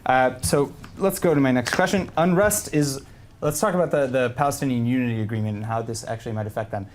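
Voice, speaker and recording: A man's voice: mid-range voice, fast talker, slight background noise. A man moderates a live news panel, steering the talk and announcing what comes next. He hesitates often, restarting his sentences as he goes. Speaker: news host.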